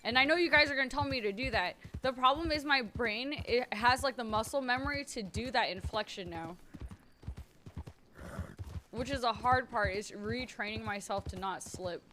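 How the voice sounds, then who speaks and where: A woman's voice: fairly high pitch, moderate pace, noisy background. A young woman streamer with a slight twang, chatting casually, swearing a lot and criticizing herself as she tries out a character voice. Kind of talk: casual chat, trying out a character voice.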